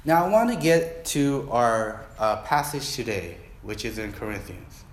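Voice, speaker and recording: A man's voice: medium pitch, expressive, unhurried. A man preaching a casual, joking sermon and asking the congregation to answer back. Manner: jokey, conversational, asks the congregation to respond. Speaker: pastor. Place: church hall. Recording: echoey church hall.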